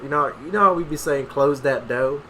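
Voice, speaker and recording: A man's voice: a little high, fairly quick, bright, forceful tone, a little hiss or hum, low-quality recording. A young man co-hosting a podcast, telling loose, profane stories full of slang in a casual chat. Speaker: podcast co-host.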